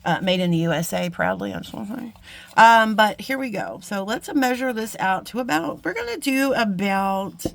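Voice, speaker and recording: A woman's voice: medium pitch, lively intonation, normal speed, creaky, fairly bright tone, no echo. A middle-aged woman chatting casually through a jewelry-making tutorial, self-deprecating and talking to viewers as friends. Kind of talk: casual craft tutorial chat.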